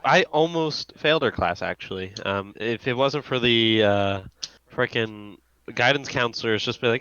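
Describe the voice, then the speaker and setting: A man's voice: mid-range voice, moderate pace, pushed and bright, clean tone, dull audio. A young man in a casual chat among friends, sarcastic and laughing along.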